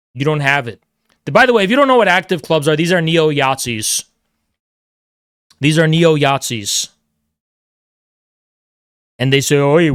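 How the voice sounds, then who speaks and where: A man hosting a live call-in stream, lecturing and mocking his callers, at times booming like a preacher. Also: clear, resonant tone, dry recording, clean studio sound. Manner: lecturing, mocking, swings to booming theatrical declaiming. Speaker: livestream host taking callers. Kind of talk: combative call-in debate.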